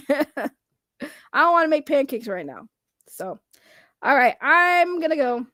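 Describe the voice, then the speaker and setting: A woman's voice: sits high, very animated, measured pace, bright, forceful tone, no room sound, clean studio sound. A woman streamer giving casual, sarcastic live commentary, rambling with restarts and laughs.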